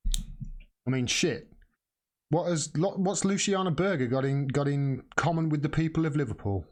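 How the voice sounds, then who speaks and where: A man's voice: on the high side, normal speed. A middle-aged man hosting a live political commentary stream, rambling with many restarts and blunt swearing.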